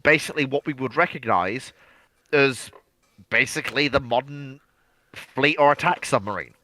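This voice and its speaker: A male co-host explains things earnestly in a bright voice, recorded dry and close. He repeats his opening words before settling into each point. He speaks at a middling pitch. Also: moderate pace, no echo, poor audio. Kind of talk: casual live Q&A chat.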